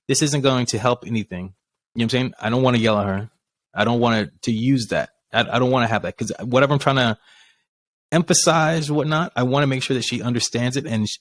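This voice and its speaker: A passionate man co-hosting a podcast talks in a lively, animated flow, his voice climbing whenever a point excites him. The sound is close and dry, with almost no room around it. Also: mid-range voice, no room sound. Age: adult with a child. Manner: animated, passionate, gets loud. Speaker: podcast co-host. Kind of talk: casual chat.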